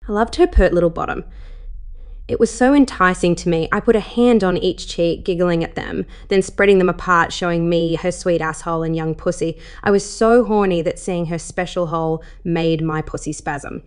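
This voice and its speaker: A woman narrating a first-person adult story in a slow, sultry reading. Her voice sits on the low side of the usual range for women. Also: clear, resonant tone.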